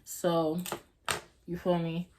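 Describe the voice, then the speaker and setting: Low-voiced young woman telling a rambling story. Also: completely flat delivery, very slow, mellow. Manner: rambling, slangy, with laughs. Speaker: vlogger. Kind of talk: casual storytime. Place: at home.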